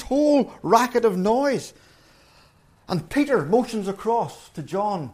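Earnest male preacher, higher voice. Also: expressive, a little slow, dark tone. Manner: earnest, wide pitch swings when acting out voices. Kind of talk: sermon.

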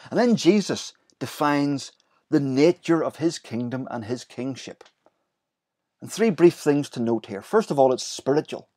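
Preaching from the pulpit, this man explains a passage of scripture in a spirited way, acting out the lines he quotes. His voice sits a touch high.

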